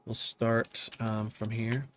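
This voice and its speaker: A man's voice: medium pitch, slow. Casual man thinking aloud while teaching. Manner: relaxed, thinking aloud, often asks "you know what I mean?". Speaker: music producer teaching drum programming. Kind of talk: casual live tutorial. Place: home studio.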